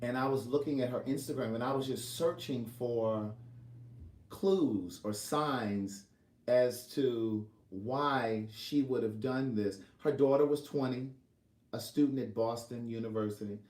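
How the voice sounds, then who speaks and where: Man, author-vlogger, middle pitch, rambling casual storytelling, roomy echo, mic at a distance. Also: measured pace, a little mellow. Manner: rambling, repeats and restarts phrases. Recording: echoey room, voice from off-mic.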